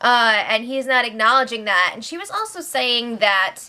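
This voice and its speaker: A woman with a high, bright voice hosts a casual recap, chatting to the camera. She giggles often and slips into quick impressions of the people she talks about. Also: lively intonation. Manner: chatty and giggly, acting out what others said. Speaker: host of a reality show recap channel.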